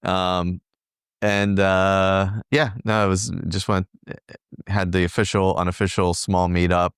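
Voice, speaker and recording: A man's voice: sits low, little pitch movement, a little slow, fairly bright tone, clean tone, no room sound, studio quality. A middle-aged man, a podcast co-host, recounting a trip in casual, rambling chat full of fillers. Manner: rambling, filler-heavy storytelling.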